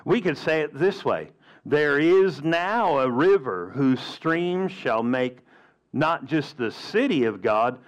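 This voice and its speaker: Slow, emphatic male preacher. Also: fairly high pitch, animated. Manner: emphatic preaching, rhetorical questions. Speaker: pastor. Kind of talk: sermon.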